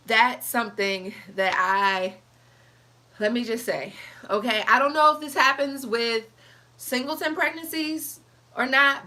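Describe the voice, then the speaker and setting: A young woman chatting to camera in an animated, chatty way, reading live comments as she tells her story. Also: a little high. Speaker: vlogger. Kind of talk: casual chat to camera.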